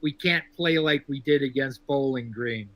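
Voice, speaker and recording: A man from Texas calling into a sports show, talking in a measured, wry way with lots of fillers. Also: medium pitch, fairly bright tone. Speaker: caller. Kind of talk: casual sports call-in chat.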